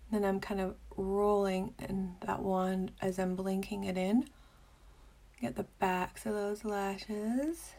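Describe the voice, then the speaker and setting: Woman, young adult, makeup tutorial host, bubbly, chatty, slight vocal fry, sometimes whispers. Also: medium pitch, fairly even intonation, slow. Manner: bubbly, chatty, drops into soft whispers at times. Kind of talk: casual makeup tutorial chat.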